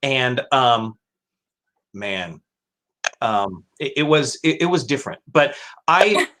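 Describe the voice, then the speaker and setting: A man's voice: mid-range voice, very animated, takes it slowly, pushed and bright, a little hiss or hum. A man hosting a casual live-stream chat, speaking in a hesitant way with many restarts. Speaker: host.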